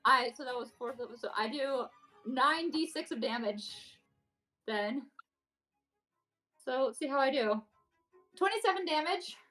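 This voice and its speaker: Giggly high-voiced woman player. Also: expressive, measured pace, pauses often, pushed and bright, soft background music. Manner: giggly, chatty. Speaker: tabletop game player. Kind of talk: casual play at the table.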